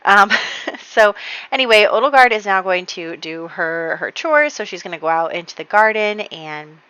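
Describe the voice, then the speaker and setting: Bright-voiced woman narrating her game. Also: mid-range voice, animated, moderate pace, clean tone, no echo. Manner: chatty, giggly, filler-heavy storytelling. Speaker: gaming channel host. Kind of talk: casual let's-play narration. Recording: slightly dull lo-fi dry voice.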